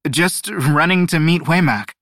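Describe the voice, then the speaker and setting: A man's voice: on the high side, unhurried, a bit bright, dry recording, clean studio sound, voice pushed up. A man voicing a mischievous teenage boy in a storybook reading, cheeky and upbeat.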